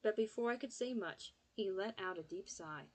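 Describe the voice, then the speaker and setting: A woman reading an audiobook in steady, scripted narration. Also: medium pitch, moderate pace, low-quality recording.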